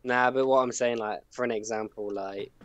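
A man's voice: medium pitch, steady tone, normal speed. A man with an English accent from Peterborough, chatting casually as a podcast guest and laughing often. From England.

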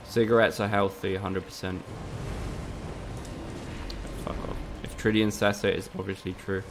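A man's voice: sits low, level tone, a little slow, noisy background. A young man from Spain, chatting casually with his viewers and swearing freely while he streams a game. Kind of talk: casual live-stream commentary.

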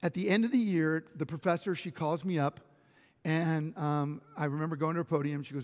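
A man's voice: a little high, fairly even intonation, brisk, long reverb tail. A man pastor delivering a sermon, telling personal stories animatedly with self-deprecating humor and frequent restarts. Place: church sanctuary.

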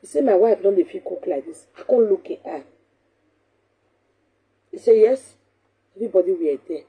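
A woman with a Nigerian accent hosting a talk show, talking casually in an animated, scolding way and repeating her points for emphasis. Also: medium pitch, moderate pace, husky, phone-quality sound.

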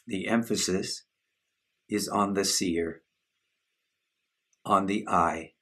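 A man leads a satsang, his words unhurried and contemplative as he guides listeners through self-inquiry. His voice sits very low and carries a husky grain. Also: a bit bright. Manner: slow, measured, contemplative. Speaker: spiritual teacher.

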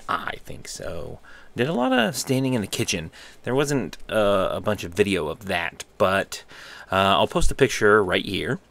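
A man's voice: lowish voice, big pitch swings, unhurried, gravelly, fairly bright tone. A man hosting a casual daily vlog, narrating his errands and cooking with chatty, self-mocking asides. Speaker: vlog host. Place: car, stores and home kitchen.

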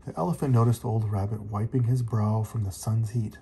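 A man gently reading a children's picture book aloud. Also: lowish voice, steady tone, fairly quick, slight background noise. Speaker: reader.

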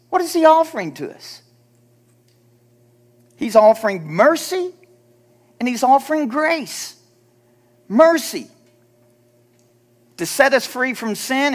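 A man preaching a sermon as pastor, animated, acting out timid prayers in a hushed voice. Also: very high voice. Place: church sanctuary.

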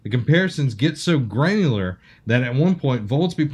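A man co-hosts a casual podcast. He jokes, teases his co-host and reads sponsor copy loosely. His voice sits mid-pitch, relaxed and everyday. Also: moderate pace, breathy edge.

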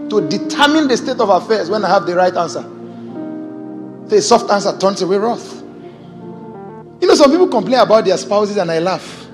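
A man's voice: high voice, lively intonation, fairly quick, pauses often. A Nigerian man preaching a sermon as a pastor, exuberant and exclaiming, joking with the congregation. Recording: hall reverb with faint music.

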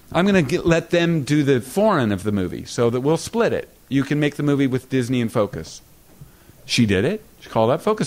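A middle-aged man giving a lecture, telling stories with lots of stammers and repeated words, and acting out other people's lines in a higher voice. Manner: animated anecdotes, acting out other people's lines with a raised pitch. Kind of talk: storytelling lecture. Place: lecture hall.

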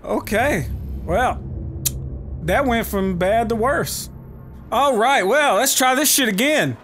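A man commentating his own gameplay, excitable and profane, often yelling at the game. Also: very high voice, slow pace, pauses often, faint music behind. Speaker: let's play host.

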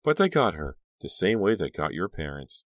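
A man voicing a sinister middle-aged woman who speaks in a soft, steady, coldly insistent way. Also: low voice, normal speed, no room sound. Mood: menacing.

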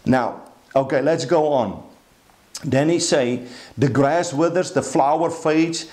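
A man's voice: fairly high pitch, slow, a little mellow, roomy sound. A pastor giving a sermon, reading scripture aloud and explaining it, often restarting his words. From Africa. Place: church hall.

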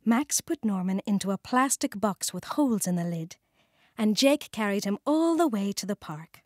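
A British woman narrating a children's storybook, warm and clearly enunciated. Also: mid-range voice, lively intonation, no room sound, clean studio sound. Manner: warm, slow, clearly enunciated, sing-song. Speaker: audiobook narrator.

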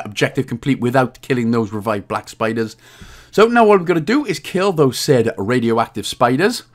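A man's voice: medium pitch, fairly bright tone. A man with a Welsh accent giving casual game walkthrough commentary, jokey and self-deprecating and swearing freely. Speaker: gaming guide host.

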